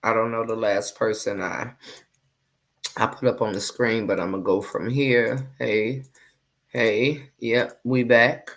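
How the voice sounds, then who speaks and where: A woman hosting her own live stream, talking casually and taking her time. Her words come slowly and loosely, with easy pauses as she greets the people watching. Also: very deep voice, fairly even intonation. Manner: unhurried, chatty, reads out viewer comments. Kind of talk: casual chat.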